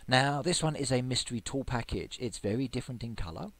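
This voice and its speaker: A man giving chatty gameplay commentary, playfully excited, with squeals of delight and sudden whispers. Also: mid-range voice, fast, dry recording. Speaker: game video creator.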